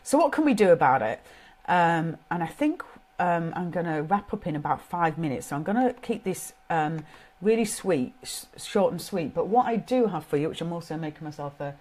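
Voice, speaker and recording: A woman's voice: on the low side, lively intonation, normal speed, darkish tone. Earnest British woman giving parenting advice. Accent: British English. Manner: earnest, conversational, thinking aloud. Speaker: parenting coach. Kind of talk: informal advice talk.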